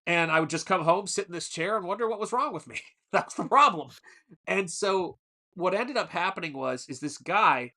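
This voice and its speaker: A man's voice: fairly high pitch, moderate pace, pushed and bright. A man hosting a casual livestream chat, telling long stories with frequent restarts and laughs. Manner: rambling storyteller, restarts and laughs. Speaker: livestream host.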